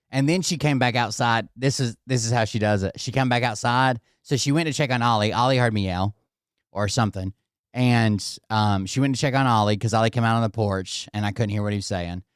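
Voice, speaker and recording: A man in the middle of an animated, expletive-laden story, talking straight at the camera in a plain, unremarkable register. His voice sits close and dry, with no room sound around it. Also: mid-range voice, normal speed, clear, resonant tone, dry recording. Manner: animated and heavily profane, with laughter. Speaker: vlogger telling a home story. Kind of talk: casual storytelling.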